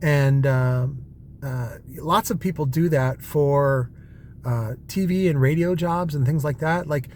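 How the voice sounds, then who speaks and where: A man with a slightly higher-than-usual voice chats casually while driving at night. He rambles, trips over his words and restarts sentences often. A faint hum of noise sits under his voice. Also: slow, a little mellow. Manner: rambling, hesitant, many fillers and restarts. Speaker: vlogger. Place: in a car on a night drive.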